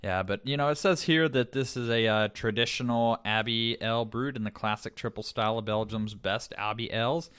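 A man co-hosting a podcast in casual chat, relaxed and chatty with lots of fillers. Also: lowish voice, brisk, hardly any pauses, clear, resonant tone, no echo. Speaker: podcast co-host.

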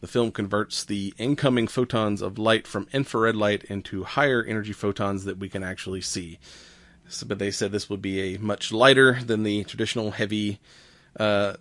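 A man co-hosting a casual podcast, explaining science news in a relaxed way, with fillers and easy laughs. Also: lowish voice, no echo. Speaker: podcast co-host.

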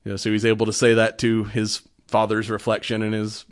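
A man's voice: fairly low pitch, monotone, a little fast. A man hosting a casual chat, rambling through a movie recap with lots of fillers and laughs.

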